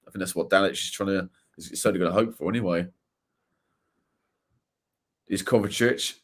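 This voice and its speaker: A man co-hosting a football watchalong, calling the play in a relaxed way with fillers. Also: sits low, racing. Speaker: co-host of a live watchalong. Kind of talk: live match commentary and casual chat.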